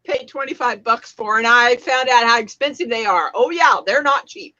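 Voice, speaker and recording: A woman's voice: on the high side, moderate pace, pushed and bright, muffled recording. A woman in a casual group chat over a video call, talking in a chatty way and running over others. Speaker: chat participant.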